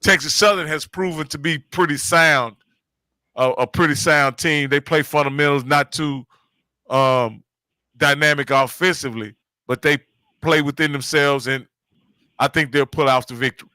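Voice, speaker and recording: A man's voice: a little high, steady tone, normal speed, pushed and bright, no echo. A man hosting a casual sports chat, conversational and emphatic.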